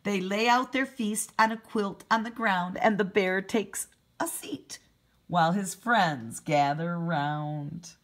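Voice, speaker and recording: Taking it slowly in a mid-range voice, this female preschool teacher reads a picture book aloud to little ones, softly asking questions and clarifying vocabulary.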